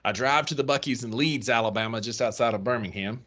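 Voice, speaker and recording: A man's voice: medium pitch, quick pace, bright, forceful tone. A young man with a Northeast Mississippi country accent, co-hosting a casual sports podcast and teasing his friend with easy laughter. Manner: laughs often, teasing banter. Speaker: podcast co-host.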